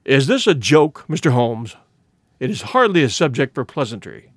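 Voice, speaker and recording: A man's voice: mid-range voice, big pitch swings, moderate pace, no room sound, pitched below the performer's own voice. A proud, stately nobleman with a stern, impatient edge, put on by a man reading the tale. His speech is formal and commanding. The sound is close and dry. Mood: stern, shaken.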